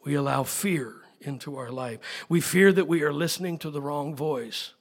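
A middle-aged man preaching a sermon as pastor, emphatic, swinging from soft to loud. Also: fairly high pitch, normal speed.

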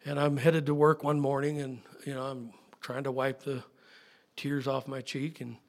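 Gravelly middle-aged preacher man. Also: mid-range voice, little pitch movement, normal speed. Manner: emphatic preaching, swinging from soft to loud. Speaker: pastor. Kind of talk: sermon.

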